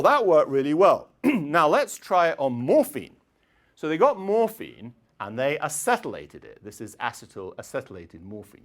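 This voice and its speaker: A middle-aged man giving a chatty public lecture, often clearing his throat and filling pauses with um and uh. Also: mid-range voice, a bit bright. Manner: chatty, digressive, frequent throat clearing and fillers. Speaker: university lecturer. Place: lecture hall.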